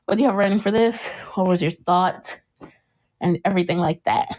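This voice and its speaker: A woman's voice: lowish voice, brisk. A young adult woman hosting a podcast, chatting casually and acting out scenes from a show with frequent laughter. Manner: animated storytelling, breaks into laughter, acts out scenes. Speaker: podcast host. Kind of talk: casual chat.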